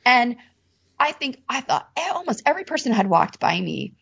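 Lively woman telling a story, muffled sound. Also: on the high side, normal speed, vocal fry, husky. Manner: animated, acts out what people said. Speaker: interview guest. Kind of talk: casual storytelling.

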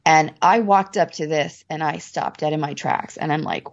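A woman telling a story as an interview guest, animated and acting out what people said. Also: low voice, moderate pace, gravelly, lo-fi sound. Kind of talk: casual storytelling.

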